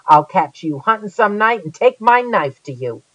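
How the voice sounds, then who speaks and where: Give me a reader playing a rough, menacing teenage bully in an audiobook, dry and a bit dull. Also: mid-range voice, sing-song, normal speed, dry recording, voice pushed up. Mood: threatening. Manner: loud and threatening. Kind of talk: audiobook character voice.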